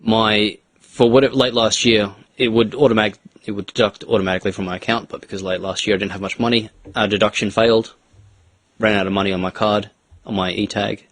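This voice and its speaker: A man's voice: lowish voice, flat delivery, brisk, fairly bright tone, no echo. A man co-hosting a casual chat, telling his story in a plain, matter-of-fact way.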